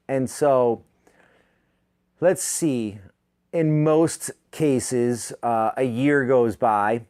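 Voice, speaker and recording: A man in his thirties hosting a podcast, delivering a profane, sardonic comedic rant that jumps up in pitch when he gets worked up. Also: a little slow, darkish tone, clear, resonant tone, no room sound, studio quality. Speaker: podcast host.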